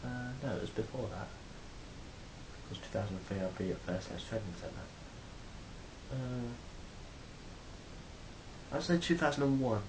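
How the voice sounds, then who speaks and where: A man's voice: medium pitch, moderate pace, pauses often, background noise. A man telling stories in a rambling, casual monologue to a phone camera, swearing freely. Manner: rambling, swears freely, acts out quoted exchanges loudly. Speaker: vlogger.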